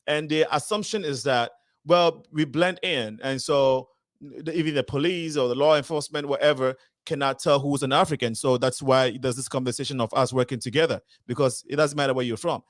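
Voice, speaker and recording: A man's voice: medium pitch, brisk, no echo. Male panel host, probing questions, dry close sound. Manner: probing, restates guests' points. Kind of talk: moderating a panel discussion.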